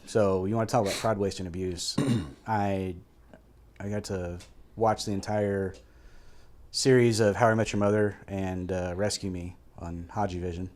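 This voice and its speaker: A man guest telling a story in a casual, animated way, swearing freely and acting out quoted voices. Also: low-pitched, normal speed. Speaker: guest, military veteran.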